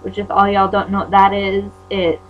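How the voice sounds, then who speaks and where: A teenage girl from Utah venting in a casual vlog, chatty and indignant, jumping into loud high-pitched bursts when she acts out quotes. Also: monotone, normal speed. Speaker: vlogger. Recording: dull lo-fi webcam audio with faint mains hum.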